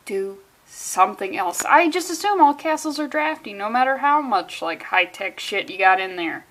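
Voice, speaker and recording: A woman's voice: medium pitch, expressive, moderate pace, a bit bright. A woman reviewing a comic book in a casual vlog, rambling off on sarcastic tangents and swearing often.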